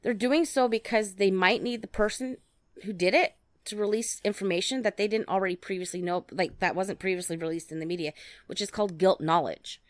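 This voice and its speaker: A woman's voice: mid-range voice, a little fast, no echo, studio quality. A woman co-hosting a casual true-crime podcast, outspoken and indignant, swearing now and then. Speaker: podcast co-host.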